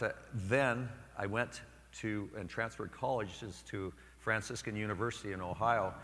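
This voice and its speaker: A priest in his forties preaches a homily and tells personal stories, jumping into lively voices when he quotes people. His tone is bright and forceful. The sound rings with the long reverb of a church. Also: lowish voice. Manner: storytelling, animated when quoting others. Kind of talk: sermon.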